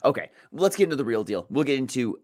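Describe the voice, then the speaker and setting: A man co-hosting a sports betting podcast in casual chat, excitable and self-mocking, often repeating his first words. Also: medium pitch, fast, dry recording, studio quality.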